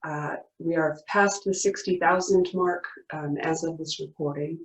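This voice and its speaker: A woman leading a worship service, reading a story aloud and then praying, in an earnest, gently emphatic way with repeated refrains. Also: deep voice, fairly even intonation, measured pace. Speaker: worship leader. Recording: roomy sound from a distance.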